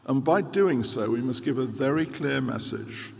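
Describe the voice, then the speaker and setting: A man in his sixties giving a formal keynote speech as a central bank governor, measured and earnest with occasional hesitations. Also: medium pitch, expressive, gravelly, a little mellow, husky. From United Kingdom. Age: 60s. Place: large conference hall. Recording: reverberant hall with faint background noise.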